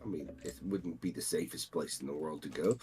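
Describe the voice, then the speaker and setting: A man's voice: a bass voice, brisk, background noise. A man from the United States co-hosting a podcast in casual chat, rambling with frequent restarts and fillers. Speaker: podcast co-host.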